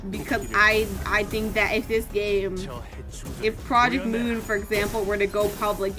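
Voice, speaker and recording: A young woman streaming a game, chatting casually, reading the story text aloud and breaking into playful, excited outbursts. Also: medium pitch. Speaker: gaming streamer.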